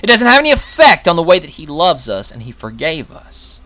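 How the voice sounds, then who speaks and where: A male preacher delivering a sermon in an earnest, conversational style. His pitch rises and falls a great deal as he poses rhetorical questions and acts out quotes. His voice is bright and forward. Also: huge pitch swings, brisk.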